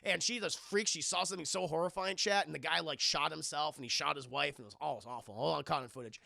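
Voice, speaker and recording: Gravelly high-voiced man streamer. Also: bright, forceful tone. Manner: profane, rambling, acts out scenes in quick voices. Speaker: streamer reviewing a film. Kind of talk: casual livestream film recap.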